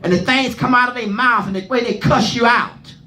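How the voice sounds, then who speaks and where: A man's voice: extremely high pitch, brisk, bright, forceful tone, roomy sound. A man preaching at a Bible study, leading readers and firing questions at the room. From not from Philadelphia. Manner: fervent, asks the room questions, repeats words.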